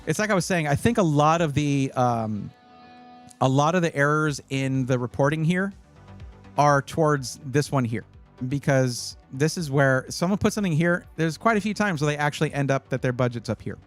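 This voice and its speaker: A man hosting a live stream, chatting casually and advising viewers, with frequent fillers and sudden bursts of excitement. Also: fairly high pitch, normal speed, soft background music. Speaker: livestream host giving PC buying advice.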